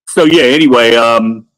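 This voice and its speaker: A man's voice: medium pitch, rough recording. A podcast host talks casually to viewers while walking through his home, boastful and joking, swearing freely.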